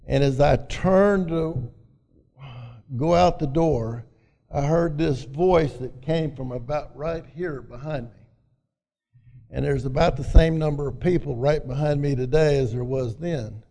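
An older Southern man from Arkansas tells a personal recovery story in a folksy, rambling way, full of "you know." His voice is gravelly, and it carries through a big hall with a long echo. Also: fairly high pitch, unhurried, warm tone. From Arkansas, USA. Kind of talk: personal testimony talk. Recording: echoey hall, mic at a distance.

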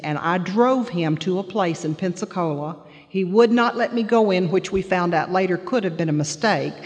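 A middle-aged woman shares a heartfelt personal testimony with an audience. She tells it earnestly, and her voice sinks soft and low in the painful parts. Her voice carries a long reverb, as if spoken in a big hall. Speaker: guest speaker sharing personal testimony.

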